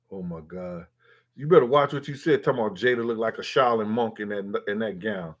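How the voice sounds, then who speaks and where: A man's voice: fairly low pitch, normal speed. Man rambling casually on a livestream. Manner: rambling, profane, talks straight to viewers. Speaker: livestream host reading chat. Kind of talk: casual live-stream chat.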